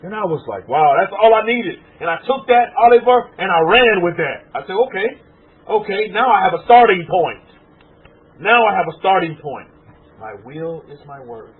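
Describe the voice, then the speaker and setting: A man from Texas preaching an emotional sermon as a rabbi, tearful and fervent, swinging from loud exclaiming to hushed murmuring. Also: sits high, expressive, moderate pace. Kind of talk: emotional sermon to an online congregation. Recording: tinny phone-like audio.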